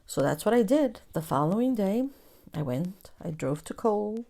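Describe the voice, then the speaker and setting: A woman's voice: medium pitch, sing-song, normal speed, vocal fry, mellow. A woman hosting a crafting channel, chatting casually to her viewers and telling stories, sometimes dropping into a whisper. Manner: chatty storyteller, calls her viewers "guys", drops to whispers. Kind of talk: casual chat while crafting.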